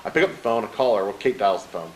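A man's voice: on the low side, very fast, a little hiss or hum, low-quality recording. A middle-aged man telling a personal story as an interview guest. He acts out the dialogue and keeps checking in with the listener. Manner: animated storyteller who acts out quoted dialogue; peppers his story with "right?" to the host. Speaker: interview guest, motivational speaker.

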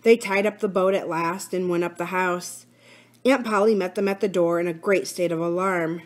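A woman from a library reading a children's adventure book aloud in a clear, even storytelling voice. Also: fairly low pitch, moderate pace.

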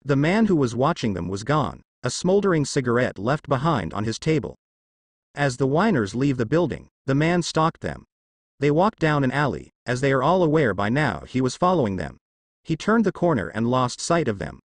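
A man narrating a fan fiction story in an expressive reading style. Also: medium pitch, normal speed, no echo.

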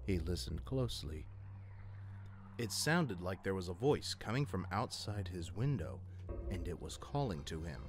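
Deep-voiced man telling a scary story. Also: sing-song, unhurried. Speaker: narrator. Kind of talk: scripted spooky storytelling. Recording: music under the narration.

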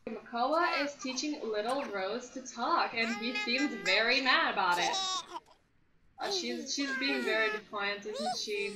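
A young woman casually commentating a life-sim game, chatty and excitable, gushing over what happens on screen. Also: high voice, measured pace, a crowd in the background. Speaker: gameplay commentator. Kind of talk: casual let's-play commentary. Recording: roomy echo.

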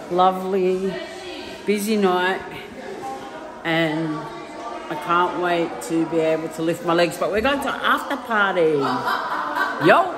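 Playful woman vlogging late at night. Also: lowish voice. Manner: chatty and playful, with heartfelt moments. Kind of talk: casual vlog chat. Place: hall and home at night.

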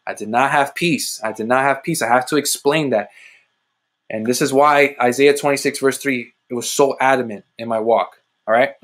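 A young adult man sharing a personal faith testimony on a livestream, speaking emphatically and repeating phrases, with sudden rises in pitch. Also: normal speed, a bit bright. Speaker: ministry host giving testimony.

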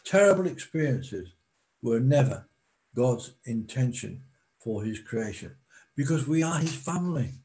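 A man preaching a sermon in a slow, deliberate way, pausing for emphasis. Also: mid-range voice, sing-song, darkish tone, rough recording.

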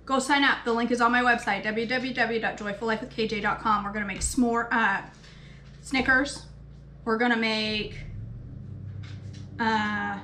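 A woman's voice: fairly high pitch, pushed and bright, reverberant, slight background noise. A woman with a Maine accent, a home cooking host chatting casually with her viewers by name. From Maine, United States. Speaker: cooking show host and health coach. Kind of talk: casual live cooking chat. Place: home kitchen.

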